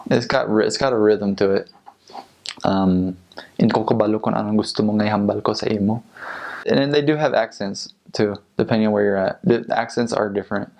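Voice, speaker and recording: A young American man, a returned missionary, talking casually in an interview in a relaxed, rambling way with lots of filler words. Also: fairly low pitch. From United States.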